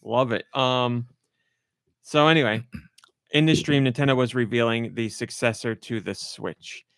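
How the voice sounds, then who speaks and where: A man hosting a podcast in casual chat, telling a story and acting out his own reactions with lively energy. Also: medium pitch, measured pace, clean tone, dry recording, clean studio sound. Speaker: podcast host.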